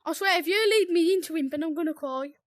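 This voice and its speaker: Excitable high-pitched British gamer. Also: fast talker, no room sound, clean studio sound. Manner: excitable, yelps and giggles, teasing. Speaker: gaming video host. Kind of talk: excitable let's-play commentary.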